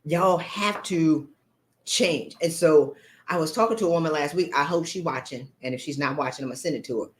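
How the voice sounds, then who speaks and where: A woman coach, talking bluntly to viewers on a live stream and preaching at them with animated energy. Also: deep voice, a little fast. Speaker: leadership coach. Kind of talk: live-stream motivational talk.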